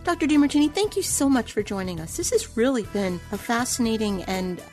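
A woman's voice: fairly high pitch, animated, fairly quick, darkish tone, faint music behind. A woman hosting a radio interview show, speaking in a polished, scripted way.

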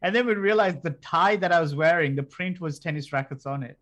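A middle-aged man with a voice pitched a little high spins a story in casual chat. He is animated, swears freely and acts out the other people's lines. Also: a little fast. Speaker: podcast guest telling a story.

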